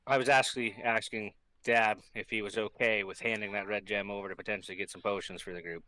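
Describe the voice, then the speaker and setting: A man's voice: on the low side, steady tone, fast talker, bright, forceful tone, dry recording, rough recording. A man playing a tabletop game in an easygoing way, talking things through with the group. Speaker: player.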